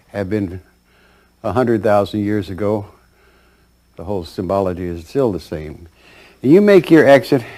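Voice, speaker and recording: A man giving a spiritual lecture as a storyteller, animated and acting out the dialogue. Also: on the low side. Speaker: speaker.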